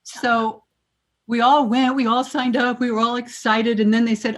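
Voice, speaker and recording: Lively woman in her seventies telling stories. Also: on the high side, moderate pace. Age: 70s. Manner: lively anecdotal storyteller, laughs often. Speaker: guest, former morning TV host. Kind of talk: storytelling interview chat.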